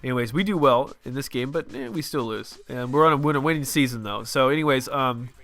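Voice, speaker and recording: A man's voice: mid-range voice, a bit bright. A young man hosting a football video game channel, chatting loosely and venting about his team as he plays. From Southern California. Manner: rambling, chatty, quick to vent. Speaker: gaming channel host. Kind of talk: casual game commentary.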